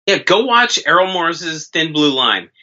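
A man's voice: fairly high pitch, big pitch swings, normal speed, pushed and bright, muffled recording. A man co-hosting a comedy podcast, sardonic and crude in casual banter. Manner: crude, sardonic, doing mock voices. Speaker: podcast co-host.

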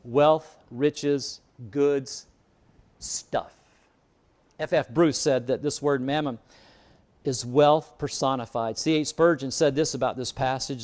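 A man's voice: medium pitch, a little slow. A middle-aged man preaching a sermon as pastor, telling stories and joking with the congregation. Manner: anecdotal, animated, jokes with the congregation.

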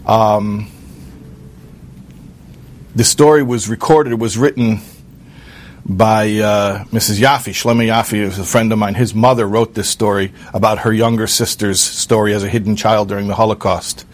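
A man telling a true story aloud in an earnest, halting way, with fillers and restarts. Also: lowish voice, steady tone. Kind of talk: spoken storytelling.

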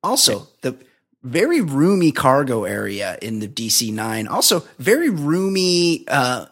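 A man's voice: mid-range voice, big pitch swings, a little slow, fairly bright tone. A man hosting a casual podcast, recapping a film's plot in a rambling way, laughing often and acting out quoted lines. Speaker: podcast host. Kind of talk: casual movie review chat.

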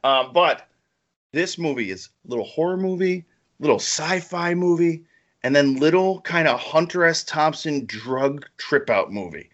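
Excitable man rambling on a podcast. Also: a little high, unhurried, lo-fi sound. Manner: excitable, laughs often, rambling. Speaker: podcast co-host. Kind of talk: casual podcast chat.

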